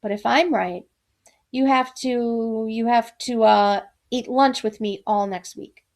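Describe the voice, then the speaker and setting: A woman's voice: fairly high pitch, slow pace, darkish tone. A woman voicing a nerdy, hopeful teen boy who can read minds, bargaining eagerly. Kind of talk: storytelling performance.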